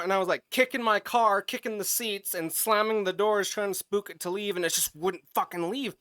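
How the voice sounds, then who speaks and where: Bright, crisp-voiced podcast guy. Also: sits high, fairly quick, hardly any pauses, no echo, clean studio sound. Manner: animated, profane, swings into loud yelling when retelling. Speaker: podcast co-host. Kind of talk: casual chat, storytelling.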